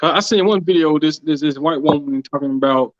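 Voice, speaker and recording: A man co-hosting a casual podcast, speaking haltingly with many restarts as he questions a point. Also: a little high, slight background noise. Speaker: podcast co-host. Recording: dry, dull lo-fi sound.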